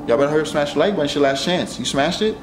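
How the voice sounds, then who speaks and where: A young man doing a comedy skit for his channel, loud and dramatic, swinging between pleading and yelling. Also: fairly high pitch, lively intonation, very fast. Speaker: comedy vlogger.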